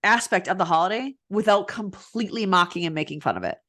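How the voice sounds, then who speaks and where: A woman in her thirties co-hosting a casual chat, chatty and quick to laugh. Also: medium pitch, a bit bright. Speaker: podcast co-host.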